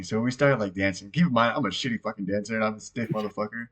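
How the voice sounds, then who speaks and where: A man's voice: lowish voice, steady tone, rapid-fire, few pauses, fairly bright tone. A young man hosting a podcast, telling a story in a rambling, profane, casual way with plenty of fillers. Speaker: podcast host.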